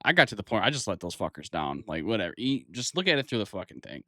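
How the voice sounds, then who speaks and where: A man's voice: fairly low pitch, big pitch swings, fast, fairly bright tone, no room sound, studio quality. A man co-hosting a casual podcast, laid-back and profane, sharing his own story. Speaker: podcast co-host. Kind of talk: casual chat.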